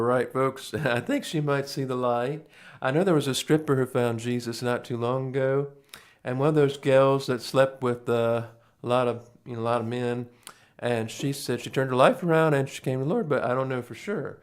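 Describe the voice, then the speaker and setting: A man's voice: mid-range voice, moderate pace, smooth. A man, hosting a live stream and chatting casually with viewers in a rambling, folksy way with chuckling asides. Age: 40s.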